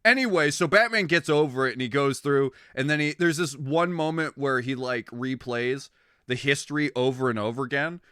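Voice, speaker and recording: Rambling excitable man, bright voice. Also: medium pitch, normal speed, clear, resonant tone, no room sound, studio quality. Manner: rambling, excitable, swears freely. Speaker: streamer. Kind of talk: casual stream chat.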